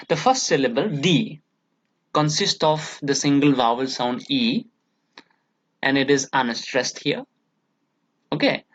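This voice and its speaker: A male college lecturer with an Indian English accent who teaches at a slow, careful pace. He walks through each point patiently and keeps checking in with his students. The recording sounds dull and lo-fi. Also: medium pitch, a bit bright. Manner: slow, patient explaining, frequent "okay" checks. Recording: dull lo-fi audio.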